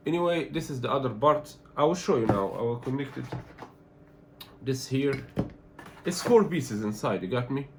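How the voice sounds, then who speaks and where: An Egyptian man who isn't an English speaker talks through an unboxing in a casual tech review vlog. His mid-range voice moves at normal speed against a noisy background, and he is animated and complaining, with loose phrasing.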